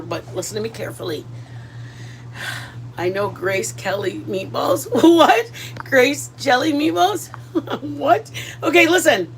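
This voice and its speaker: A woman's voice: high-pitched, lively intonation, unhurried, a little hiss or hum. A middle-aged woman vlogging in a rambling, chatty, self-deprecating way while she cooks at home. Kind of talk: casual chat.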